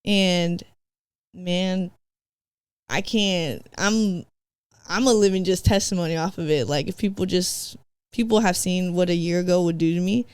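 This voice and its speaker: A woman's voice: lowish voice, measured pace, a little mellow, smooth, dry recording, studio quality. A woman from San Diego, a podcast guest, telling her own story in a slangy, casual way that is full of "like" and "bro". She acts out her past self and slips in Spanish phrases. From San Diego, California.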